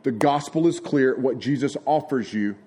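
A man's voice: mid-range voice, moderate pace, warm tone, breathy edge. A middle-aged man, preaching a sermon in a folksy, conversational way and acting out retold conversations. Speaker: pastor. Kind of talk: sermon with personal storytelling.

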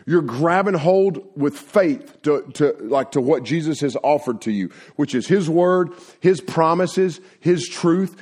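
A man preaching a sermon to young people, telling homespun stories in a folksy, animated way full of filler words. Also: mid-range voice. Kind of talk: sermon with personal storytelling.

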